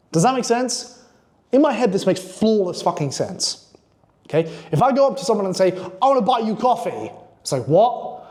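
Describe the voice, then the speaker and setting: A man's voice: high voice, a little mellow. A man coaching on copywriting in a blunt, profane, hyped-up casual monologue.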